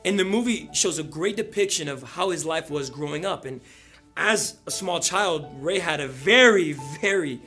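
A male pastor preaching a sermon, telling a story and building to loud emphatic peaks. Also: on the high side, lively intonation, moderate pace, soft background music.

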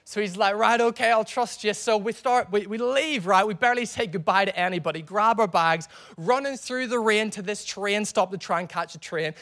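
Animated preacher man, high voice. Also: moderate pace. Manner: animated storytelling preacher with crowd prompts. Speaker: pastor. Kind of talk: sermon.

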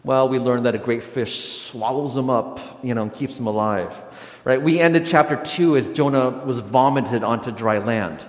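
A male pastor delivers a sermon in a church sanctuary, stumbling over his words with restarts and fillers. His voice sits in the middle range. The sound carries a roomy, echoing hall with a long reverb tail. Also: mid-range voice. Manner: hesitant, many restarts and fillers.

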